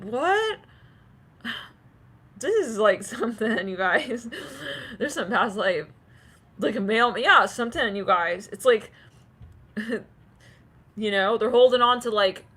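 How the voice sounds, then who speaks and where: A woman's voice: medium pitch, fairly bright tone. A woman giving a casual tarot reading, rambling with many fillers and acting out quoted voices. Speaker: tarot reader.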